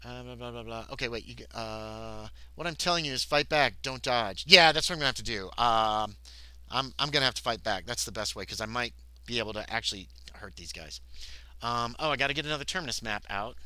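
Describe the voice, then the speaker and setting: Speaking briskly in a clear, resonant, medium-pitched voice with no room sound, a man streams himself playing a solo tabletop horror game. He wanders off topic, breaks into his own sentences, and eagerly banters with chat as the game unfolds.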